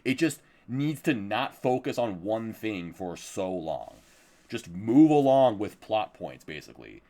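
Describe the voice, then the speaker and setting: A man's voice: lowish voice, sing-song, unhurried, warm tone. A man streaming live, chatting casually about upcoming anime, swearing freely and laughing often.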